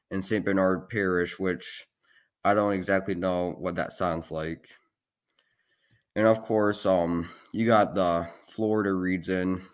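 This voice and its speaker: A man with a notably deep, low-pitched voice talks through a map as a casual explainer. He is relaxed and unscripted, and he keeps stopping to fill gaps with ums and likes. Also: clean tone. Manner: loose and hesitant, with many ums and likes. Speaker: geography video host.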